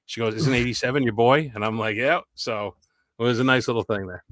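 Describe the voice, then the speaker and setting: Bright-voiced New man telling stories. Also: mid-range voice, a little fast, no echo, clean studio sound. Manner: rambling anecdotal storyteller, relaxed. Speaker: podcast co-host. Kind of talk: casual chat.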